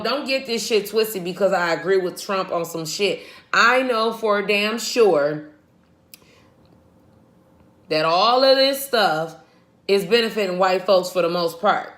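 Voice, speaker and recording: An American woman vlogger giving blunt, profane, animated commentary to her viewers. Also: lowish voice. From United States. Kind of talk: ranting commentary. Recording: echoey room.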